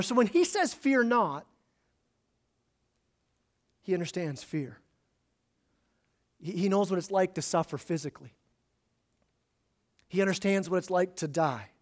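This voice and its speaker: Male pastor, higher pitched, conversational sermon delivery with stammered repeats for emphasis.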